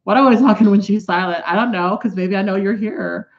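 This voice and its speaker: A woman's voice: medium pitch, quick pace, lo-fi sound, a little hiss or hum. A woman vlogger telling a story in a loose, profane, rambling way, breaking into asides while she does her makeup at home. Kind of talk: casual storytime vlog.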